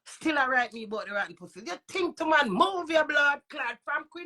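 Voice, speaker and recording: A woman's voice: high voice, animated, fairly quick, hardly any pauses, bright, forceful tone. A woman with a Jamaican accent and a runny nose, ranting in heated, profane patois. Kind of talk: angry rant to camera.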